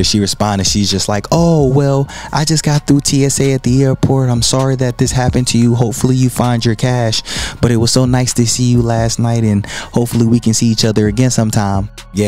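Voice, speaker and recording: A young man telling a storytime vlog, swearing and jumping up high in pitch when outraged. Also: a little mellow. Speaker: travel vlogger. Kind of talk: storytime narration.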